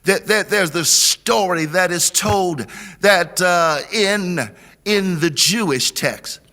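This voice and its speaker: A middle-aged man giving a sermon as guest preacher, with a preaching cadence, repeated words and a build to shouting. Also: sits high, slow pace. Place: church sanctuary. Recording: long church reverb.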